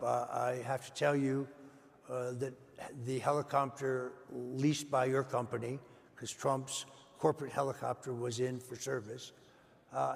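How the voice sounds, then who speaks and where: An older man as an interview guest, telling a long story at a measured pace with frequent "uh" fillers. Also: mid-range voice, gravelly. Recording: reverberant hall.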